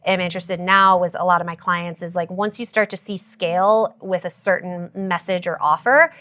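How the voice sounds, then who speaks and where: A woman guest on a podcast, explaining ad and growth strategy in a brisk, jargon-heavy way with frequent fillers. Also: fairly low pitch, steady tone, bright, forceful tone. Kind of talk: casual podcast interview.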